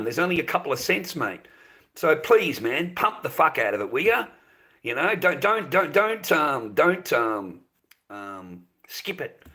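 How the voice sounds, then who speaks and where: A man's voice: on the high side, sharp tone. An Australian man streaming live, talking in a heated, profane, rambling way. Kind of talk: casual livestream rant.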